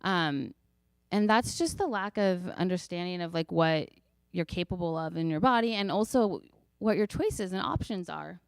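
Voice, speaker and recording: Low, gravelly-voiced woman on a panel. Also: normal speed, no echo. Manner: reflective, with many "like" fillers. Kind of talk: community panel discussion.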